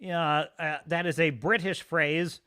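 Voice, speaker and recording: A man hosting a casual livestream, rambling excitably and reading chat messages aloud. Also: a little high, a little slow, smooth. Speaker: livestream host.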